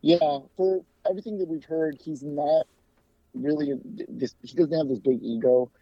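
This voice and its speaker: A man's voice: fairly high pitch, no echo, highs cut off. A man from the United States, a soccer fan and podcast co-host, chatting as a guest with lots of restarts and fillers. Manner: chatty, talks in quick bursts with frequent restarts and fillers. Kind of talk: casual interview.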